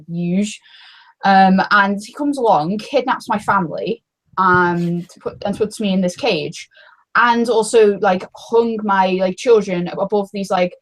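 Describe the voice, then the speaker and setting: A woman with a Scouse accent from Liverpool, chatting casually, laughing often and trailing into fillers. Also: medium pitch. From Liverpool, England. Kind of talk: casual chat.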